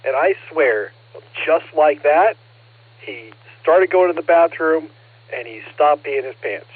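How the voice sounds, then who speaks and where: A man's voice: a little high, lively intonation, slow, slightly rough, no echo. A man checking into a ham radio net, telling a rambling story in a casual way. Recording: narrow ham radio transmission.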